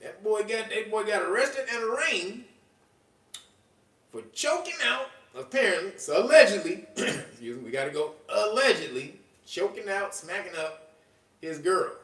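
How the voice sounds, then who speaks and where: A man hosting a podcast in casual commentary, animated and slangy, laughing often. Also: sits high, normal speed. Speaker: podcast host. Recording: echoey room, distant from mic.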